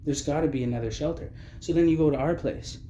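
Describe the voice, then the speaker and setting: A man's voice: a little high, fast, mellow, reverberant, highs cut off, slight background noise. A man telling his own story of homelessness in blunt, agitated speech full of swearing. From Canada. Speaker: vlogger recounting homelessness. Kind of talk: angry personal testimony.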